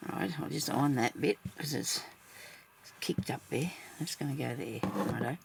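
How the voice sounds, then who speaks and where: A woman's voice: very deep voice, normal speed, creaky, a little mellow, a little hiss or hum. A woman vlogging as she crafts, chatting casually and thinking aloud, laughing often at herself.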